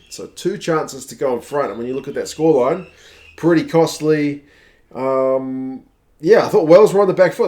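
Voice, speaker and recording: A man hosting his own channel, casually reviewing a rugby match and recapping the plays step by step with frequent pauses and fillers. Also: medium pitch, a little mellow.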